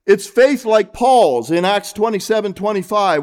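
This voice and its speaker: A man's voice: high-pitched, lively intonation, a little slow, hardly any pauses, a little mellow. A man preaching an evening sermon, reading scripture and asking the congregation earnest questions. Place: church, evening service.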